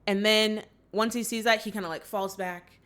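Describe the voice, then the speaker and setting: A woman's voice: medium pitch, fairly even intonation, normal speed, a bit bright, smooth. A woman hosting a movie reaction channel, recapping a film in a chatty way, acting out quoted lines and using lots of fillers. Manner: chatty storytelling with acted-out quotes and many "like" fillers.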